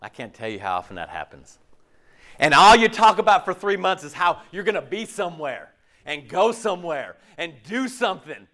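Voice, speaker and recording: A man's voice: high voice, very animated, moderate pace, sharp tone. A pastor preaching a conversational sermon, acting out quoted voices as he goes.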